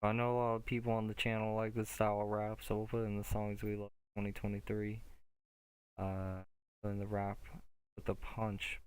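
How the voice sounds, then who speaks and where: A man's voice: fairly low pitch, monotone, moderate pace, a little mellow, clean tone, no echo, poor audio. A man hosting a music review stream, giving casual, slangy critique full of "like" fillers. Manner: laid-back, slangy, many "like" fillers. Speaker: music review show host.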